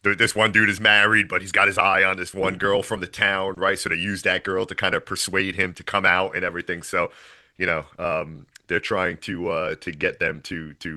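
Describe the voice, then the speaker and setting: Bright-voiced laughing podcast guy. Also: deep voice, moderate pace. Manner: profane, laughing, animated storytelling. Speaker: podcast co-host. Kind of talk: casual horror movie review chat.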